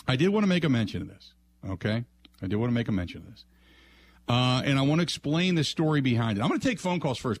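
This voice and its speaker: A man hosting a sports call-in radio show, thinking aloud with frequent restarts and trailing phrases. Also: mid-range voice. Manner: musing, halting, many restarts.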